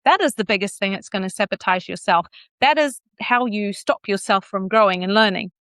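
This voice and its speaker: Bright, lively Kiwi woman coach. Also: a little fast, no room sound. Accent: New Zealand. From New Zealand. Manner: animated, plays with pitch and pace to demonstrate. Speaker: communications coach, guest. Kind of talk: podcast interview.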